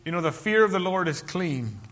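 A middle-aged man preaching a sermon in an earnest, emphatic way, slowing down to stress key lines and reading scripture aloud. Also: high-pitched, sing-song, fairly bright tone. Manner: earnest, slow emphatic delivery with King James scripture reading.

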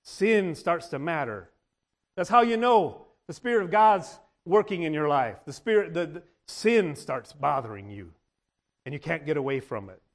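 A man preaching a sermon, repeating and restarting his phrases for emphasis and often clearing his throat. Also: a little high, big pitch swings, moderate pace.

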